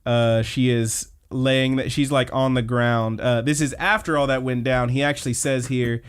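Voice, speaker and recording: A man of middle pitch talking loosely on a podcast, recapping scenes in a relaxed, rambling way. He swears freely and drops into brief quoted lines as he tells the story. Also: moderate pace, clear, resonant tone. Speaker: podcast co-host. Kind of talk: casual anime recap chat.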